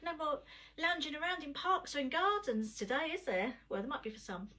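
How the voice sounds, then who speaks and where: A woman's voice: high voice, moderate pace, sharp tone. A middle-aged woman, chatting between poems and reciting punchy rhyming verse on a live stream. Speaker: performance poet. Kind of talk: live-streamed poetry performance. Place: home, livestream.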